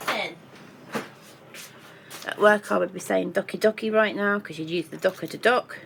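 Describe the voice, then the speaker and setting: A woman's voice: medium pitch, a little slow, gravelly, fairly bright tone, slight background noise, low-quality recording. A chatty woman, baking in her home kitchen and talking playfully as she goes, tossing in silly made-up words. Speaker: baking vlogger. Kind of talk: casual chat while baking.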